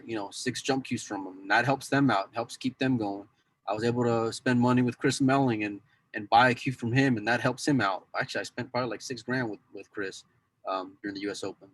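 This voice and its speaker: A man's voice: medium pitch, fairly bright tone, rough recording. A man on a podcast talking casually about his work as a pool news insider and cue dealer, rambling with many restarts.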